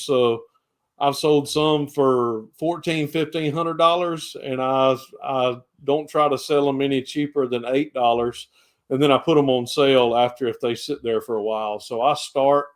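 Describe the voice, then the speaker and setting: A man with a thick Southern Georgia accent, a pastor chatting as a guest in a relaxed, folksy, rambling way. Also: medium pitch, moderate pace. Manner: folksy, rambling, with country sayings. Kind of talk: casual podcast interview.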